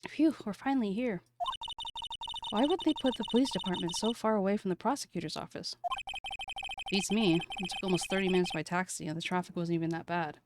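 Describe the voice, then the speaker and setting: A woman's voice: on the low side, fairly quick, very noisy, close to an everyday voice. A woman voicing a wry, nervous young male defense lawyer who mutters asides. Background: game music.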